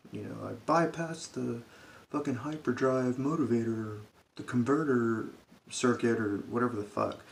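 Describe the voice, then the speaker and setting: A man's voice: lowish voice, gravelly, a bit bright. A man giving a sarcastic, profane comedic rant about a film, acting out characters' lines as he goes. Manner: sarcastic, swears a lot, acts out characters' lines.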